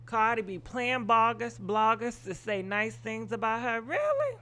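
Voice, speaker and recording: A woman's voice: a little high, fairly even intonation, a little slow, pushed and bright. A woman hosting a live gossip stream, giving blunt, opinionated commentary full of swearing and rambling asides. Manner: rambling with frequent ums and asides. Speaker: gossip show host.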